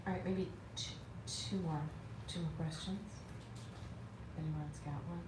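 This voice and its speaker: A woman hosting a book event, calling for audience questions with quick laughing asides. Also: low voice, steady tone. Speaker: event host. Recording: echoey room, distant mic, loud hiss.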